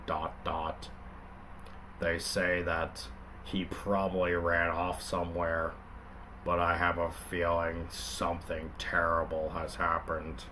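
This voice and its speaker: A man putting on a low hushed storyteller. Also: a little hiss or hum, exaggerated voice.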